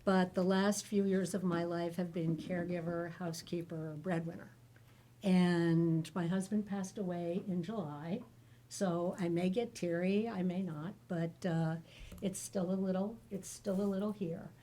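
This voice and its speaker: A woman's voice: lowish voice, steady tone, measured pace, mellow. A middle-aged woman from the United States, speaking as a panelist and candidly sharing her caregiving experience with jokes along the way. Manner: candid, joking storyteller. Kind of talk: personal story at a public panel.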